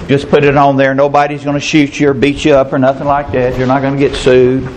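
A man's voice: mid-range voice, completely flat delivery, fast talker, a little mellow, slight background noise, low-quality recording. A man preaching a sermon in a folksy storytelling way, acting out the people in his anecdotes. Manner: folksy, storytelling, acts out characters in stories.

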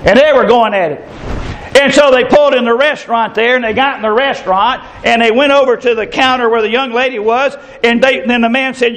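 Man, preaching, folksy storyteller, high voice. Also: fairly even intonation, brisk, fairly bright tone, rough recording. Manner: folksy, storytelling, acts out characters in stories. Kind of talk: sermon with humorous anecdotes.

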